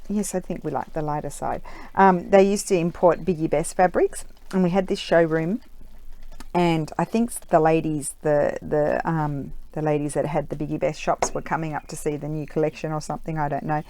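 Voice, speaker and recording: A middle-aged Australian woman chats away as she works on a craft project, her voice sitting a little low for a woman. She meanders from story to story, stopping and restarting her sentences and filling gaps with "um". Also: fairly even intonation, normal speed, dark tone. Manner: chatty, rambling, many fillers and restarts. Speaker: craft vlogger. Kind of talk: casual storytelling while crafting.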